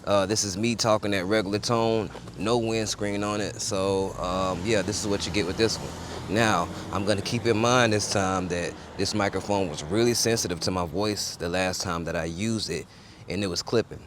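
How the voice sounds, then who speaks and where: A man's voice: lowish voice, fairly even intonation, normal speed, a little hiss or hum. A man running a casual microphone sound test outdoors, talking loosely and rambling to viewers on a wireless clip-on mic. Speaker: gear reviewer. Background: faint ambience with people around.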